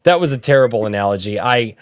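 Male podcast host: animated, self-mocking rambler, close dry mic. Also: medium pitch, fast talker, dry recording. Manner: rambling, self-deprecating, jokey. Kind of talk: casual podcast chat.

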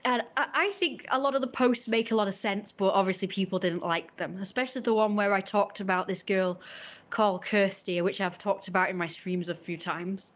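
A young woman streaming casually, chatting in a rambling way while she cooks and opens parcels, often stopping to correct herself. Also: medium pitch. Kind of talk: casual chat.

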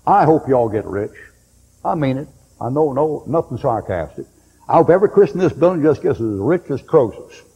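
An older man preaching a sermon, telling folksy war stories and breaking into loud bursts. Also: mid-range voice, husky, highs cut off. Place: church hall. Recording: long hall reverb.

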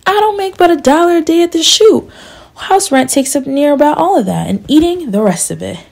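Curt young worker, voiced by a woman, blunt, gravelly. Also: sits high, expressive, fairly quick, darkish tone, pitched above the performer's own voice. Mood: sullen. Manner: blunt, dismissive. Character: young working man, sullen and curt.

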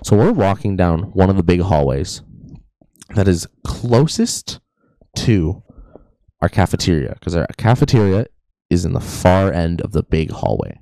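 A man's voice: sits low, sing-song, a little slow, vocal fry, dark tone, dry recording. A young man co-hosting a podcast, telling a rambling story in a casual, joking way. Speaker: podcast co-host. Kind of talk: casual chat.

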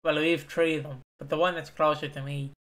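A man's voice: on the high side, little pitch movement, quick pace, fairly bright tone. A man co-hosting a podcast in casual chat, chiming in with teasing quips and jokes. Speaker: podcast co-host.

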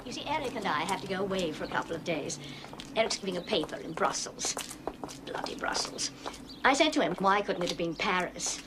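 Actress as a condescending neighbour, affected and gushing, film soundtrack with noise. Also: female voice, on the low side, expressive, fast, lightly acted. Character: snobbish, bragging upper-class neighbour woman.

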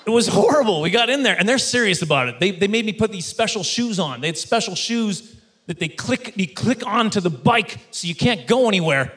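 A man performing a stand-up comedy routine, telling a story with lively mock voices for the people in it. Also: high voice, a little fast. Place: stage before a live studio audience.

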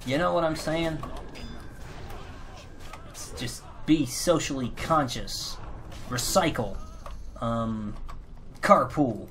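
A man's voice: mid-range voice, takes it slowly, pauses often, fairly bright tone, a little hiss or hum. Goofy, rambling man commentating a game. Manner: goofy, rambling, profane, improvised rhymes. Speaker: let's play host. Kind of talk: gameplay commentary.

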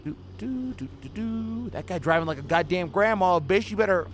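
A young man streaming a video game, giving profane running commentary that swings between low muttering and sudden yelling. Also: expressive, moderate pace, a little hiss or hum. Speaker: gaming streamer. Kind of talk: live gameplay commentary.

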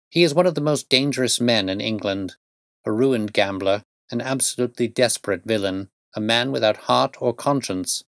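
A man's voice: fairly low pitch, dry recording, clean studio sound, close to an everyday voice. Man reading a stern, assured detective. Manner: measured, explanatory. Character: calm, stern male detective, precise and assured.

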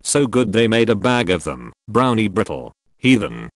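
Male narrator, low and animated, reads forum posts as scripted narration, faint music under. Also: normal speed, dry recording, clean studio sound. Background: faint background music.

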